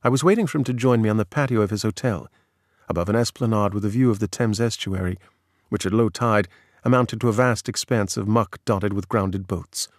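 A man's voice: lowish voice, a little fast, dry recording, studio quality. Man narrating a magazine article.

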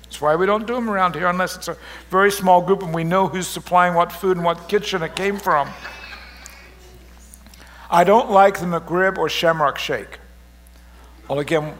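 A middle-aged pastor delivering a lighthearted sermon in church, his voice pitched high for a man. He jokes and teases the congregation with animated, playful delivery. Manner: joking, animated, teasing the congregation. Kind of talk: humorous sermon. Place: church service.

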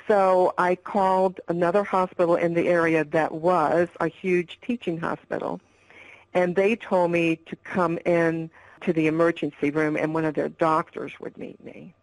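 Older woman guest, candid and rambling storyteller, fairly low voice, dry sound. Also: no echo, low-quality recording. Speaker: interview guest. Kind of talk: personal health story in an interview.

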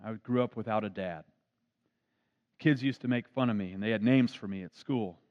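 A man's voice: fairly low pitch, moderate pace. A man, a pastor, preaching an earnest storytelling sermon. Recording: dull lo-fi recording.

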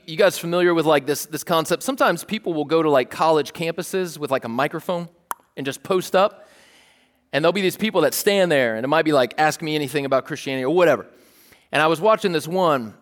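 A young adult man, a pastor, preaching a casual, animated sermon and calling out to the congregation. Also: on the high side, in a large hall. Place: large church hall.

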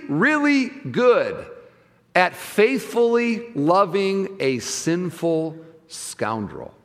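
A middle-aged male pastor preaching to his congregation in a fairly high voice. He talks conversationally, dropping to quiet asides and building to loud emphatic peaks. The sound carries a long church reverb. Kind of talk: sermon. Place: church sanctuary.

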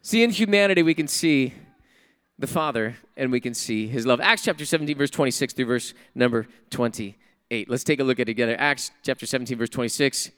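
A man's voice: medium pitch, fairly quick, fairly bright tone. A male pastor preaching a sermon in a church, emphatic, repeating key phrases and putting questions to the congregation. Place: church sanctuary.

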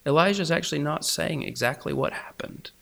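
A man preaching a sermon as a campus minister, swinging between loud animated emphasis and hushed whispers. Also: on the high side, a little fast, vocal fry.

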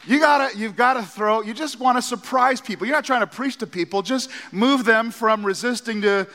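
A middle-aged man, a pastor, preaching a sermon and telling stories with animated asides in a church auditorium. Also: extremely high pitch, moderate pace, few pauses. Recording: long hall reverb.

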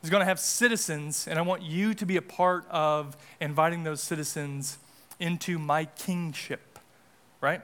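A man's voice: a little high, steady tone, moderate pace, fairly bright tone. A man pastor giving a casual, conversational sermon in a church, with frequent restarts and asides. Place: church sanctuary.

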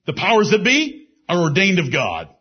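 A man preaching a sermon with emphasis. He repeats key phrases and drops into low asides. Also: huge pitch swings, moderate pace, husky. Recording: dull lo-fi sermon recording.

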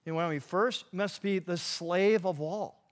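A man's voice: high voice, a little slow. A man preaching a sermon in a conversational way, with frequent restarts and asides to the congregation. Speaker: pastor.

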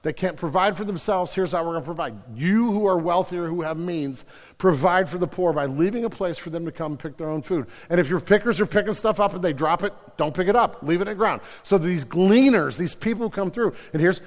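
A man preaching a sermon as pastor, animated, with frequent restarts and repeated words. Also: high-pitched, fairly quick. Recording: long hall reverb.

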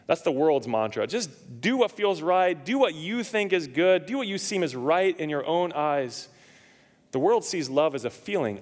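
Preaching in an echoing church, this pastor, who moved from Nevada to Indiana, speaks at normal speed in a high-leaning voice with big pitch swings. He jokes with the congregation and tells stories, voicing the dialogue himself.

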